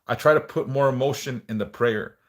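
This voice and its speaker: A man with a brisk, medium-pitched delivery hosts a livestream, first leading prayers and then chatting casually. He reads viewers' comments aloud and swears in a relaxed, offhand way. His speech includes some repeated words, and he discusses stuttering.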